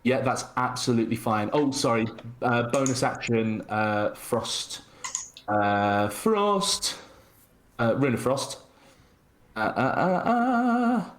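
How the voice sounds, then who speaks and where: A man's voice: mid-range voice, animated, takes it slowly, poor audio. A man playing a tabletop game, talking hesitantly with many fillers as he describes his turn. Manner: hesitant, full of uhs and ums. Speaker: player.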